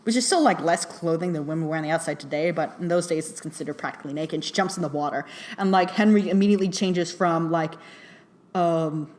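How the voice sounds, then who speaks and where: A woman's voice: low voice, fast talker, darkish tone. A woman giving a casual spoken film review, full of "like" and "um", laughing often and swearing casually as she retells scenes. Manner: chatty, laughing often, heavy use of "like" and "um" fillers.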